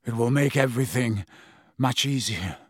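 Man voicing a hoarse gaunt escaped prisoner, slow quiet menace, lower and softer, audiobook, dry sound. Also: no echo, lightly acted. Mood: menacing. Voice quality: hoarse, rusty from disuse. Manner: slow, quiet, grimly taunting. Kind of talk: audiobook character voice.

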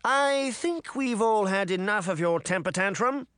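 A man voicing a smug, smooth-talking adult prince in an audiobook, assured and commanding. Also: high-pitched, big pitch swings, moderate pace, a bit bright, no echo, clean studio sound, pitched above the performer's own voice. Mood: bossy. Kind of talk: audiobook character voice.

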